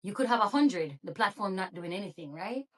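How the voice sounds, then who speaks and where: A woman's voice: medium pitch, animated, brisk, recorded from a distance. A woman with a Jamaican accent, a YouTube creator and therapist, talking in a casual motivational vlog and encouraging viewers with many rhetorical questions.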